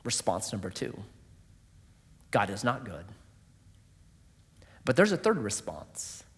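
A man preaching a sermon, telling a story dramatically, dropping to a hush and rising loud. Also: on the low side, big pitch swings, takes it slowly. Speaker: pastor. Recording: long hall reverb.

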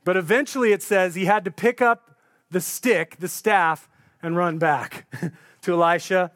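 A man's voice: sits high, steady tone, measured pace, a bit bright. A man preaching a sermon, retelling a scripture story in a conversational, vivid storytelling way.

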